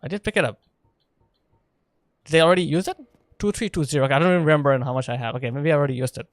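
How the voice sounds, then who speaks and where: Playful man streamer, slightly high voice. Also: racing, no echo, clean studio sound. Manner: playful, laughs often, chats with viewers. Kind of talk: casual live gameplay chat.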